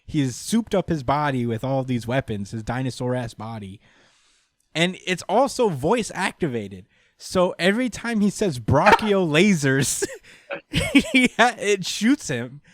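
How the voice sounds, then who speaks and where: Animated young man recapping a chapter. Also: fairly high pitch, unhurried, dry recording. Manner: animated, laughs often, acts out character lines. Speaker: podcast co-host recapping a manga chapter. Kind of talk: casual chat.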